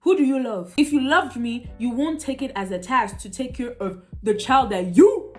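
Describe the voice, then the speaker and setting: A woman's voice: a little high, animated, normal speed, a little mellow, faint music behind. A young woman giving exasperated, ranting reaction commentary. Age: young adult. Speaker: reaction video host.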